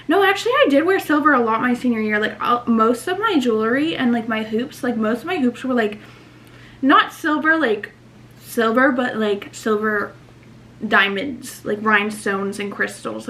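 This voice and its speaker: A beauty vlogger in her twenties chats casually to camera indoors at home, out of breath, rambling and indecisive with lots of fillers. Her voice is fairly high and a bit bright, with a little hiss or hum, recorded first on a camera mic and later on a phone on a tripod.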